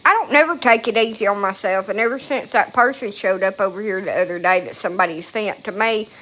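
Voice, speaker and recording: A woman's voice: mid-range voice, brisk, pushed and bright. A woman talking casually into a phone at home, rambling and emotional, with frequent swearing. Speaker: vlogger. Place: at home, indoors.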